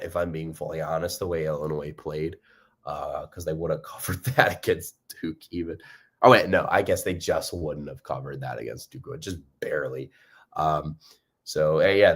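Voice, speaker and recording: Low-voiced young man talking football. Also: a bit bright. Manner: rambling, upbeat, many fillers and restarts. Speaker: fan podcast host. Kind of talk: casual fan commentary.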